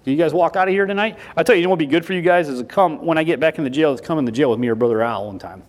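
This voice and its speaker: Folksy preacher man, fairly high voice. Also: racing. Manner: folksy, repeats himself with restarts; swings between loud emphasis and quiet asides. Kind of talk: sermon.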